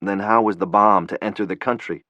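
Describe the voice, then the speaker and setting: A male narrator playing a hard, controlled operative who speaks low and quiet, calm with a threat underneath. The recording is dull and dry. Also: brisk, dry recording. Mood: cold.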